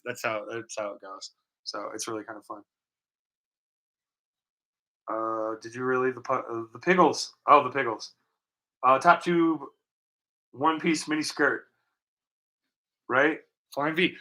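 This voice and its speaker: A man's voice: mid-range voice, normal speed, bright, forceful tone. A man hosting a painting livestream, rambling in casual, profane, jokey chat with his viewers. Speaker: livestream art host. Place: home studio.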